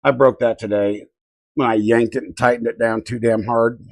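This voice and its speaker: A man's voice: mid-range voice, little pitch movement, normal speed, a little mellow, no echo. A middle-aged man from Colorado hosting a casual live stream, talking to himself and his chat while he works. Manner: muttering to himself, reading chat aloud. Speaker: livestream host.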